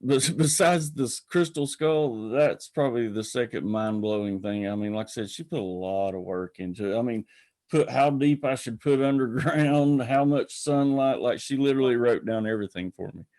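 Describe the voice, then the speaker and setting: A man's voice: medium pitch, moderate pace, a little mellow. A man hosting a casual livestream, rambling and greeting viewers by name. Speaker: livestream host.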